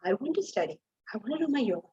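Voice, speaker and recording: A high-pitched woman teaching a class, her voice leaping up and down as she throws rhetorical questions at her students. The recording is a little muffled and lo-fi. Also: big pitch swings, rapid-fire, dark tone. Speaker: Vedanta teacher. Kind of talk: class lecture on scripture.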